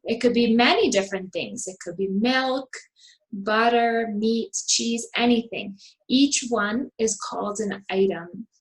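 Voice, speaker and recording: Slow, clearly enunciating woman teacher. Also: a little high, rough recording. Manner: models sentences with exaggerated intonation. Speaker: English teacher.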